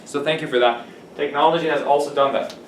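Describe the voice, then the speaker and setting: A man's voice: on the high side, steady tone, quick pace. A man teaching an English vocabulary lesson to a class, explaining words, repeating them and checking that students follow. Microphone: camera at a distance. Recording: echoey classroom from far off with faint hiss.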